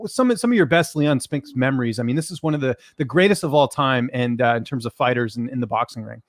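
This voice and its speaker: Fast-talking man hosting a fight podcast. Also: medium pitch, lively intonation, dry recording, studio quality. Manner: quick, chatty, restarts often. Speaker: podcast host. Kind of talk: casual podcast chat.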